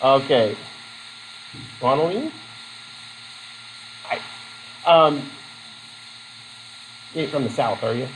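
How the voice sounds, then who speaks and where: A man's voice: mid-range voice, takes it slowly, pauses often, a bit bright, slight background noise, low-quality recording. A man from Vermont teaching a college class, chatty and self-deprecating, with many fillers and restarts as he takes student questions. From Vermont, USA. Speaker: college instructor.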